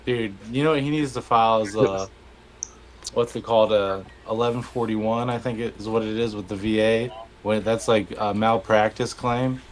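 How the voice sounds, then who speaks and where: A man on a casual podcast, telling stories slowly with many fillers and pauses. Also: lowish voice, fairly even intonation, slight background noise. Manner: slow, halting storyteller with many fillers.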